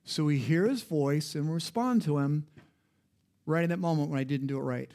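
A middle-aged male pastor preaching a sermon in a conversational, storytelling way, his voice jumping up and dropping low. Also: moderate pace, a little mellow. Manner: conversational, personal storytelling with sudden rises and drops in pitch and volume.

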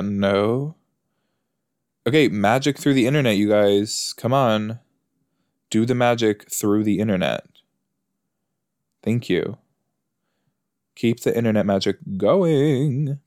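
A man's voice: on the low side, slow, long pauses, darkish tone, clear, resonant tone, dry recording, studio quality. A man hosting a podcast, chatting and joking as he reacts to a TV episode while he watches it. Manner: chatty, joking, talks back to the screen. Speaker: podcast host. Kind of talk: episode watch-along commentary.

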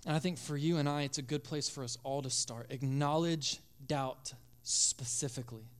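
A male pastor preaching a sermon with passion, acting out voices and dropping to a hush at times. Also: mid-range voice, steady tone, normal speed. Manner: impassioned, acts out biblical voices, drops to hushed tones.

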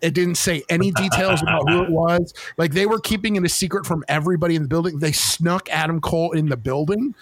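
A man co-hosting a podcast in casual chat, excited and profane, talking in rambling bursts with restarts. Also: on the high side, fast talker, few pauses, dry recording, studio quality. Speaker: podcast co-host.

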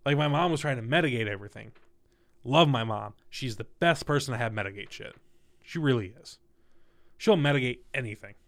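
A young man in conversation, recounting a messy personal story with blunt, swear-heavy candor. His voice sits at an ordinary middle pitch, and he jumps between retelling events and loud asides. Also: a little fast. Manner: candid, profane, animated storytelling. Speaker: guest telling a story. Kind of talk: casual storytelling chat.

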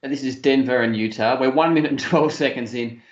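A man with a middle-pitched voice talks through a casual sports chat in a relaxed, hesitant way with a dry humour. His voice sounds roomy, and the audio is muffled and lo-fi. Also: a little fast. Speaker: podcast co-host.

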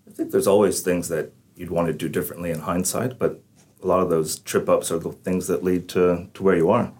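A man's voice: low-pitched, steady tone, brisk, a little mellow. A man in his forties from Texas with a Texan accent, chatting easily as a guest in a podcast interview. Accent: Texan with a slight Irish-like lilt. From Texas, USA. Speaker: mining company managing director, guest.

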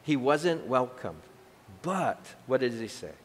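A male pastor giving a conversational, animated sermon with casual asides. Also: medium pitch, slow pace, in a large hall.

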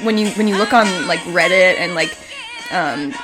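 A woman's voice: fairly low pitch, moderate pace, music in the background, low-quality recording. A woman co-hosting a comedy podcast, chatting casually about TV with rambling asides and fillers. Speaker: podcast co-host. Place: New York City.

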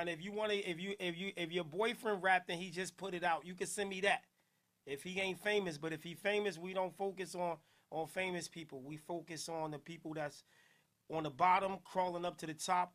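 A man hosting a podcast, talking loudly in slangy street banter and laughing often. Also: sits high. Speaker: podcast host.

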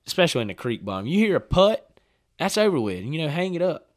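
This hunting-story guest talks fast in a slightly high voice, recorded in studio quality with no room sound. Chatting casually, he brings the tales to life by performing other people's lines and breaks into laughter a lot.

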